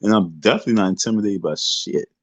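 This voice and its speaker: A man's voice: lowish voice, rapid-fire, dry recording. A man hosting a casual livestream rant, talking emphatically and preachily, repeating his points and swearing freely. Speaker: livestream host. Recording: dull lo-fi dry sound.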